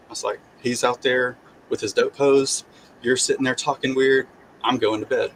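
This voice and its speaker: A man's voice: mid-range voice, normal speed, slight background noise, rough recording. A man, a guest sharing his testimony, tells a personal story in casual conversation, acting out the voices he quotes. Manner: animated, acts out quoted voices, repeats and restarts.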